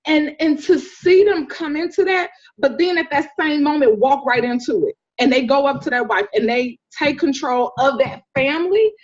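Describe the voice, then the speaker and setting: A woman doula telling stories in a casual interview, animated and acting out the people she describes. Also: sits high, moderate pace, hardly any pauses. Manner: animated storyteller, acts out voices, laughs often. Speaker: doula, podcast guest. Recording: dull lo-fi sound.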